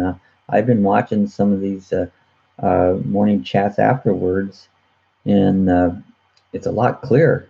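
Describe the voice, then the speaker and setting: A man's voice: lowish voice, vocal fry, warm tone, slightly rough, lo-fi sound. A man hosting a casual live chat on his own channel, rambling with lots of fillers and chuckles, recorded on a computer webcam mic. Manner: chuckling, many uh fillers and restarts. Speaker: host of a live chat show.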